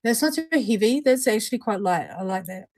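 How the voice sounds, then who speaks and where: A woman's voice: on the high side, animated, fairly quick, darkish tone, no room sound. A woman hosting a casual live vape review stream from home, chatty and laughing often. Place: at home, indoors at night.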